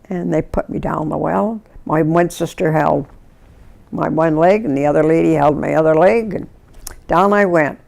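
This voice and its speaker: A woman's low, gravelly voice moves at a moderate pace as she, a Canadian in her nineties, looks back on her life for an oral history interview. Lively in her telling, she plays the parts of the people in her stories.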